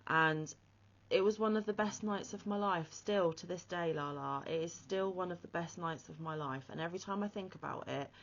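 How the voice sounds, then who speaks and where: A woman hosts her crochet channel in a casual, gushing way, full of heartfelt emotion. Her voice sits a little low. The audio is slightly dull and lo-fi. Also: fairly bright tone. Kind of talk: casual vlog shout-out.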